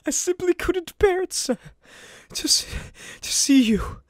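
A man's voice: very high voice, animated, unhurried, no room sound, clean studio sound, pitched above the performer's own voice. A man voicing a loyal, devoted elderly male butler who stammers and pleads, in a comic recap. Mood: pleading. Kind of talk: comedic comic recap voice acting.

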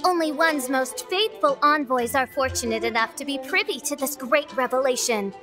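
A lofty, self-styled princess speaks in grand old-fashioned phrases, as voiced by a woman. Her voice sits high and ringing. Game music plays underneath. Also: moderate pace, natural voice. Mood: grandiose. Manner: archaic, pompous speech. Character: theatrical young princess who talks grandly. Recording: game audio with music behind.

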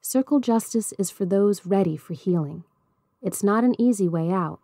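A woman voicing a patient woman circle keeper in a storybook reading, measured and gentle. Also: mid-range voice, no echo, studio quality, lightly acted. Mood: calm.

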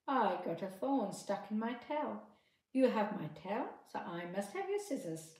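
A woman voicing a small, pushy, wandering male mouse in a storybook with bright, pleading sing-song lines. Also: medium pitch, big pitch swings, unhurried. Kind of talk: storybook narration. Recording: echoey room.

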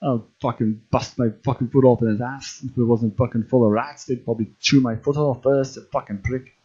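A man voicing a crude, rambling male cartoon rock musician who swears constantly and fills every pause with filler words. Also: mid-range voice, steady tone, mellow, slightly rough, lo-fi sound, close to an everyday voice. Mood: ranting. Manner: foul-mouthed, rambling, full of filler words. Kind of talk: cartoon parody voice acting.

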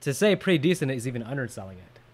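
A man's voice: mid-range voice, big pitch swings, very fast. A man co-hosting a casual movie podcast, chatty and jokey, often trailing off with fillers. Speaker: podcast co-host.

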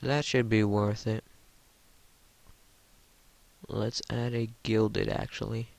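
A man hosting his gaming channel, giving excited gameplay commentary, giddy and stammering, addressing his viewers as guys. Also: on the low side, takes it slowly, creaky, no room sound.

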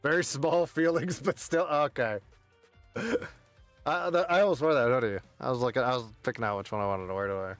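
A man's voice: medium pitch, fairly quick, no echo, soft background music. A man streaming a game, chatting casually with friends, rowdy, joking and swearing a lot. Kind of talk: casual live-stream chat.

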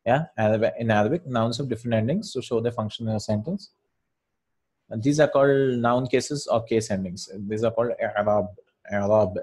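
A man's voice: fairly low pitch, brisk, a little mellow, breathy edge. A man teaching an Arabic grammar lesson in English, informal, repeating words and often checking with "right?". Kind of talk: casual online lesson.

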